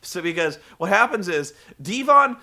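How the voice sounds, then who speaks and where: A man casually recapping a wrestling show, rambling and profane, telling the story with animated energy. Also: high-pitched, moderate pace, gravelly.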